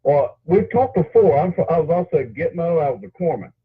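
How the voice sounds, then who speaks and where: Older dude calling in, friendly, raspy voice, sounds like a phone. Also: male voice, a little high, very animated, fairly quick. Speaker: caller. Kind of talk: call-in on a phone line. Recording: tinny phone line, husky.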